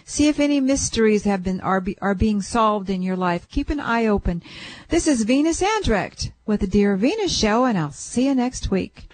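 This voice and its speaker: A woman's voice: medium pitch, lively intonation, moderate pace, darkish tone. A woman hosting a radio call-in show as a psychic, chatting casually and breaking into whooping chants.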